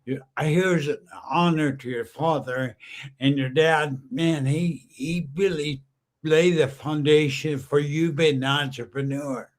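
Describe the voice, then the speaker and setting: A man's voice: on the high side, fairly even intonation, a little slow. A man hosting a podcast interview, enthusiastic and full of praise for his guest. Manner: enthusiastic, complimentary. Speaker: podcast host. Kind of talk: casual interview.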